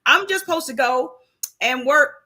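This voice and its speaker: High-pitched woman with a forceful edge; emphatic, faith-driven conversational speaker. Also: lively intonation, normal speed. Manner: emphatic, preachy, repeats rhetorical questions. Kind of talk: casual faith-based conversation.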